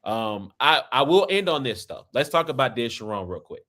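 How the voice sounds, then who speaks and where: In a casual chat, an American-accented podcast host from Kansas City wanders from point to point, tacking on "right?" and "man." His mid-range voice swings widely in pitch and sounds bright and forceful at a moderate pace.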